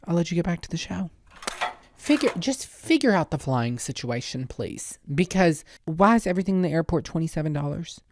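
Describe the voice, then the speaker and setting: A woman's voice: on the low side, lively intonation, fairly quick, background noise. A woman podcast host delivering a casual, sassy comedic monologue with exaggerated rants.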